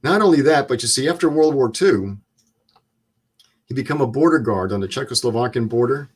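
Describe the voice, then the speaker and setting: Older man, 70s, interview guest, plain-spoken, measured storytelling. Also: mid-range voice, animated, slightly rough.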